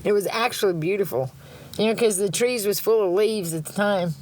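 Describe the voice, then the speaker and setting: A woman's voice: medium pitch, fairly quick, darkish tone. A middle-aged woman rambling on a livestream, blunt and profane, laughing often and talking about God.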